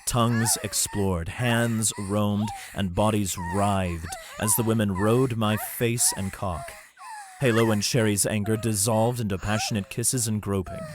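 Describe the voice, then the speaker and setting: A man's voice: on the low side, background noise. A man narrating an adult fantasy audiobook in the first person, reading steadily.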